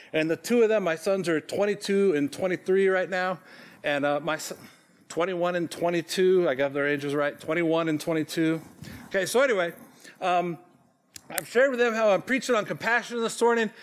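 A pastor in his forties preaches to his congregation with a high voice and an easy, conversational delivery. He pokes fun at himself and keeps checking in with "okay?" as he talks. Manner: conversational, self-deprecating, frequent "okay?" check-ins. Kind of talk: sermon. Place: church sanctuary.

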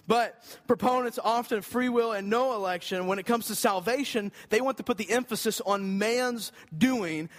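A man preaching a sermon in an earnest, conversational way, rising for emphasis. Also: sits high. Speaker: pastor.

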